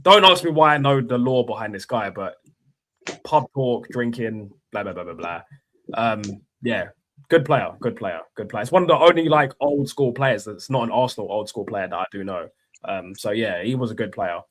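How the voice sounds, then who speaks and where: A man's voice: mid-range voice, normal speed, a bit bright. A young man with a London accent, hosting a casual football chat stream, rambling, repeating himself and swearing. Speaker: football channel host.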